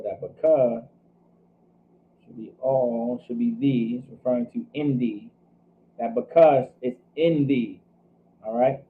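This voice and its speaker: Man teaching over a tinny line. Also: mid-range voice. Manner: thinks aloud, checks himself, repeats "all right" often. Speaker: Hebrew class teacher. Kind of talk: teaching a scripture language class.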